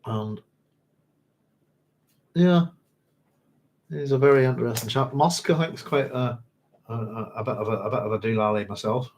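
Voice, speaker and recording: A man's voice: medium pitch, moderate pace, pauses often, darkish tone, slight background noise. A man hosting a book club stream, reading passages aloud and rambling between them with frequent chuckles. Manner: rambling and chatty, chuckles often. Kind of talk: casual livestream book chat with reading aloud.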